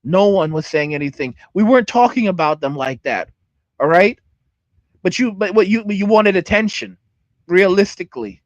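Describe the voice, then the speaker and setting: High-pitched guy going off at his stream chat, angry, says stuff twice, dry close sound. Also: animated, normal speed, dry recording, muffled recording. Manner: angry, heated, repeats himself. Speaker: channel host. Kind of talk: livestream rant reacting to chat.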